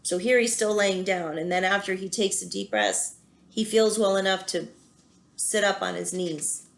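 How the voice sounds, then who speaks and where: Gentle woman reading a picture book aloud. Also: medium pitch, normal speed, vocal fry, a little hiss or hum. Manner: gentle, reassuring, explains feelings to children. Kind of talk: children's read-aloud with commentary.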